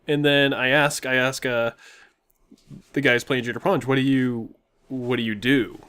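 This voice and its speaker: Young guy rambling thru a crazy d&d story, mid pitch, keeps laughing and doing the dialogue. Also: moderate pace, clear, resonant tone. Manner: animated, laughs often, quotes people in dialogue. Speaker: podcast co-host telling a story. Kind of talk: casual storytelling.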